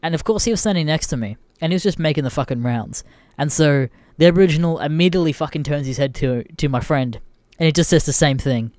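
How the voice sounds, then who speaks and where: A man's voice: on the high side, darkish tone, no room sound, studio quality. Swearing young Australian guy telling a story. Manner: heavy swearing, laughs through the story. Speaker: podcast host. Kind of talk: casual storytelling.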